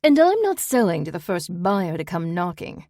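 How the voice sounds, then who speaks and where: Reading an audiobook, a woman voices a curt, cool-headed middle-aged aunt in a sharp mood, pitching above her own natural voice. Her delivery is medium-pitched and a little mellow, with big pitch swings and a moderate pace. The recording is dry and studio-clean.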